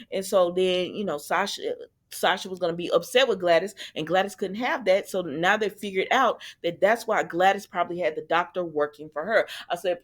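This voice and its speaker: Chatty woman recapping with sass. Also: medium pitch. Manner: chatty and sassy, with asides to characters. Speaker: soap opera recap host. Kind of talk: casual recap commentary.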